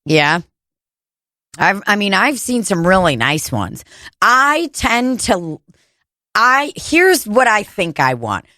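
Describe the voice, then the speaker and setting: Slow-talking crude comedian woman. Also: medium pitch, big pitch swings, sharp tone, no echo, clean studio sound. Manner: crude, rambling, laughs often, breaks into mock voices. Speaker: comedian podcast co-host. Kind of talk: casual comedic chat. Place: home room podcast setup.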